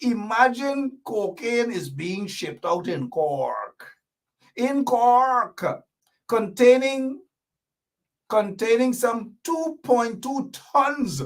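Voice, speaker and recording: High-voiced emphatic male commentary host. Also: far from the mic. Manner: emphatic, repetitive, sarcastic asides. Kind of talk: animated political commentary show.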